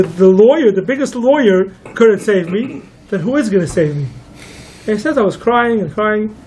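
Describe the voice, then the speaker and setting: A man's voice: sits high, a little mellow, slight background noise, rough recording. A man, a rabbi, telling a long story to listeners and quoting each figure in turn. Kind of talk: storytelling talk.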